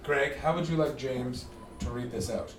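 A man from Canada doing stand-up comedy with crowd work, telling stories in an animated, chatty way. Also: mid-range voice, normal speed, faint music behind. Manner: animated, chatty storytelling with frequent laughs. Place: live comedy venue with an audience. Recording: roomy, distant stage sound.

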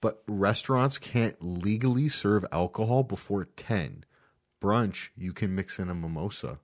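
A man's voice: lowish voice, unhurried. A man hosting a casual podcast chat, joking and swearing freely. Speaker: podcast host.

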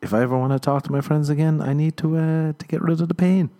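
A man's voice: on the high side, fairly even intonation, quick pace, warm tone. An Irish man hosting a solo comedy podcast, telling rambling self-mocking stories and acting out the dialogue. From Ireland. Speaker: podcast host.

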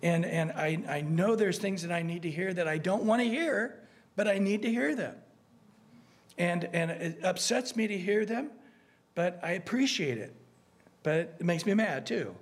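Pastor preaching in a raised voice. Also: male voice, high voice, moderate pace. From United States. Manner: earnest, animated, frequent restarts and asides. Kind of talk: conversational sermon.

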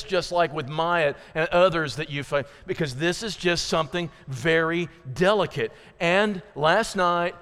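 An American man preaching a sermon as pastor, swinging from loud, rising passion to low, intimate appeals. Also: clear, resonant tone. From United States. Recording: hall reverb.

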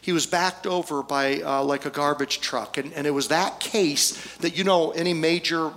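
A male pastor preaching a storytelling sermon, folksy, with humorous asides and pauses for effect. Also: fairly high pitch, steady tone, fairly bright tone, a little hiss or hum.

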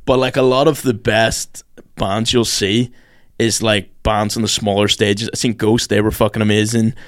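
A man's voice: lowish voice, moderate pace. A man, hosting a podcast in casual chat, telling stories with lots of swearing. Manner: swears a lot, animated storytelling. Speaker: podcast host.

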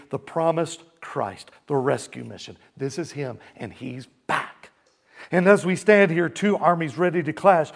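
The creaky-voiced man is a pastor whose sermon lurches from thundering volume down to near whispers. Throughout, he prompts the congregation to answer back.

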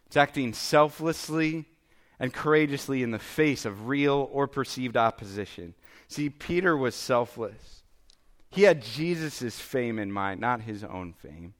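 Pastor, man, 30s; casual conversational sermon delivery, average pitch. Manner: conversational, self-deprecating preaching with frequent "okay?" and "right?".

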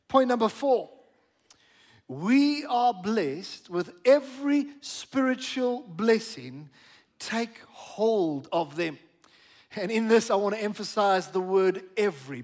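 High-voiced man preaching a sermon. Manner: emphatic preaching, slowing on key words, asks the congregation to repeat. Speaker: pastor. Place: church.

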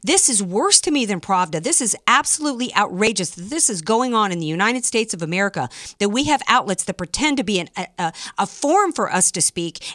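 A woman's voice: medium pitch, a bit bright, dry recording, studio quality. Indignant woman talk radio host. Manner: indignant, emphatic, with many fillers and restarts. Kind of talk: opinionated political talk radio. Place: studio, also streamed live online.

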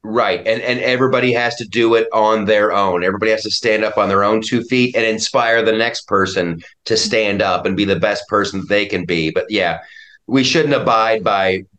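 A man's voice: fairly low pitch, moderate pace, a bit bright. A man speaking as a guest in a political talk-radio conversation, emphatic and prone to restarting his sentences.

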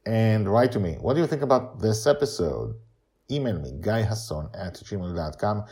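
A man in his sixties, the show's author, talking to podcast listeners in a relaxed, unhurried way at the end of an episode. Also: fairly low pitch. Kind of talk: podcast outro and credits talk.

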